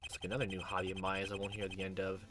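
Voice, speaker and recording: A man's voice: low-pitched, completely flat delivery, very fast, background noise, voice pushed down, lightly acted. A man reading a dry young lawyer. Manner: dry, unimpressed. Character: dry patient young male defense lawyer. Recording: game music playing behind.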